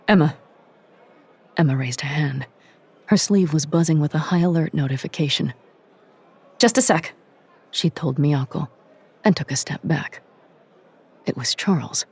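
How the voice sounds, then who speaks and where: A narrator reading an audiobook drama in a measured, dramatic way. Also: medium pitch, vocal fry, darkish tone, husky. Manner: measured, dramatic, drops to a whisper at tense moments.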